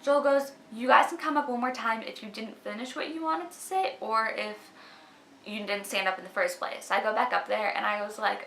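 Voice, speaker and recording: Chatty young woman vlogging, bright and gravelly. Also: fairly high pitch, fairly even intonation, normal speed, a little hiss or hum. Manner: chatty, fills speech with "like". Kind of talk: casual talk to camera. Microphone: camera mic. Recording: echoey room.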